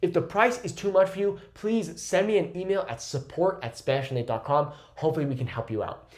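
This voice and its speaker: A man teaching Spanish pronunciation in an energetic, emphatic online lesson, often checking in with "okay?". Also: a little high, brisk. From Mexico.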